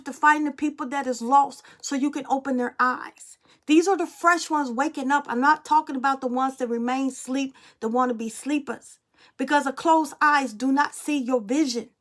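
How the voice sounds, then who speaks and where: A high-pitched woman talks casually as a tarot reader and medium. She is blunt and emphatic, and drops swear words freely. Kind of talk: casual spiritual storytelling and tarot reading.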